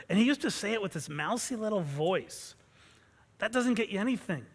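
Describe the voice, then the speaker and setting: A man's voice: high-pitched, animated, normal speed, husky. A man, a martial arts instructor, giving an intense motivational pep talk to his students and leading them in call-and-response chants. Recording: long reverb from a large hall.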